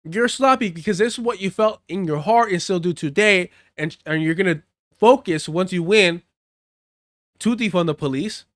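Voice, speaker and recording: A man's voice: high voice, moderate pace, a bit bright, dry recording, clean studio sound. Heated, profane man ranting on stream. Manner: profane, heated rants between read-out articles; drops Spanish phrases. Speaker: political commentary streamer. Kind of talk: live stream commentary reading news.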